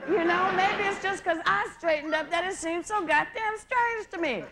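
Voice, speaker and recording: A woman performing live stand-up comedy on a theater stage, talking in a profane, conversational way and mocking people with quick impressions. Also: very high voice. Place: theater stage with laughing audience. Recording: noisy VHS live recording with loud crowd.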